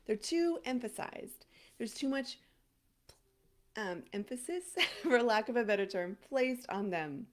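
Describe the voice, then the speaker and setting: A woman in her thirties speaks casually to camera as an intimacy coach. She thinks out loud, restarts her sentences and pauses to question how to say a word. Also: mid-range voice, animated. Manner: thinks aloud, restarts and checks her own pronunciation.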